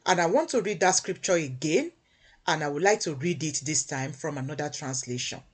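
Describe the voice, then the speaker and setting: Husky woman preaching emphatically. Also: low voice, lively intonation, a little fast. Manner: emphatic, repeats phrases for weight. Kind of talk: devotional sermon.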